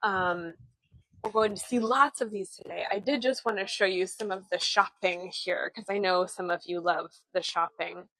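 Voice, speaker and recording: A woman's voice: mid-range voice, fairly even intonation, moderate pace, pushed and bright, no echo, rough recording. A woman from the American Pacific Northwest and Midwest in her thirties, narrating a live-streamed walking tour outdoors on a phone, chatty and enthusiastic with many fillers. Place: outdoors on old-town streets.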